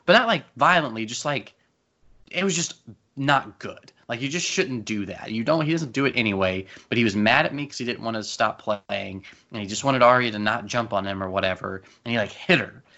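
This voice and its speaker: Bright-voiced man telling a lively story. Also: mid-range voice. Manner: animated storytelling, quick asides. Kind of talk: casual chat. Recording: dull lo-fi sound.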